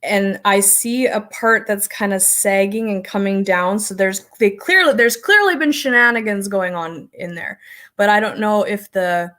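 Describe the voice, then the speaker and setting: A middle-aged American woman, medium-pitched and fairly bright, talks at a moderate pace on her casual homestead livestream. She rambles, responds to viewer comments and frequently laughs.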